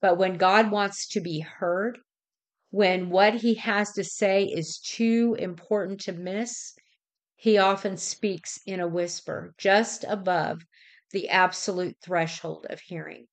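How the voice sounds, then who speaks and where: A middle-aged woman hosting a devotional, reading in a measured, deliberate way and sometimes correcting herself. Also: medium pitch, steady tone. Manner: measured, deliberate delivery with occasional self-corrections. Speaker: devotional host.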